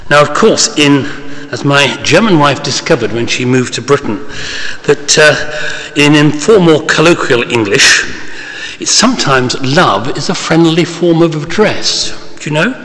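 A man's voice: a little high, expressive, unhurried, pushed and bright, long reverb tail. A man preaching a sermon in a conversational way, with small asides and fillers. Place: church.

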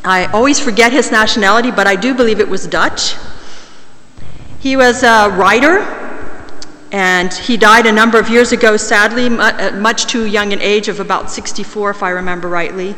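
A woman preaching a sermon in a large church, measured and slowing down to stress key words. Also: medium pitch, sharp tone. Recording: long reverb of a large church.

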